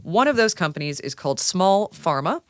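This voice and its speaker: A woman from Canada, a science writer guesting on a podcast, talking in an animated, enthusiastic storytelling way. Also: on the low side, normal speed. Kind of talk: casual podcast conversation.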